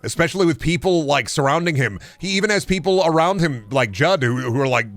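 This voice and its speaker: A man's voice: a little high, animated, fairly quick, hardly any pauses, fairly bright tone, no echo. A man streaming, chatting casually in a rambling, profane, sarcastic way.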